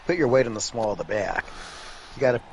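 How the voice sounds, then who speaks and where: A man's voice: medium pitch, fast, vocal fry, slight background noise, poor audio. Goofy punning co-commentator man. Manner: goofy, punning, wordplay banter. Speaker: color commentator. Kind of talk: casual wrestling game commentary.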